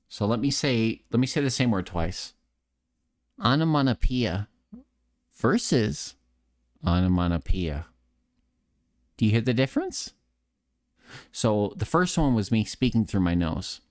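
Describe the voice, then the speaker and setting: A man chatting casually with his viewers on a live stream, sounding tipsy and a bit nasal, with a slight lisp, rambling and self-deprecating, close to a desk mic. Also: fairly low pitch. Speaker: streamer and voice actor. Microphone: close desk microphone.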